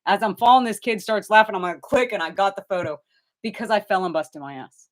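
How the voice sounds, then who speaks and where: A woman's voice: mid-range voice, quick pace. Middle-aged woman telling rowdy stories. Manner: animated, swears freely, acts out quoted people. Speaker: tarot reader hosting a live stream. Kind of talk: casual storytelling.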